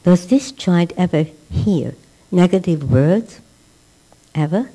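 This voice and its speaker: Mellow-voiced woman giving an emphatic religious class. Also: lowish voice, expressive, takes it slowly, low-quality recording. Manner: emphatic, repeats words for stress, acts out quotes. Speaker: rebbetzin teaching a class. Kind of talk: religious lecture.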